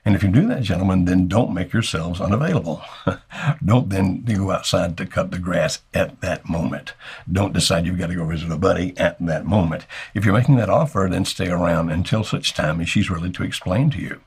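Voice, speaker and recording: Gravelly low-voiced older man giving advice. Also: a little fast, darkish tone. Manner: folksy, acts out little dialogues with chuckles. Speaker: marriage advice speaker. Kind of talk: advice talk to camera.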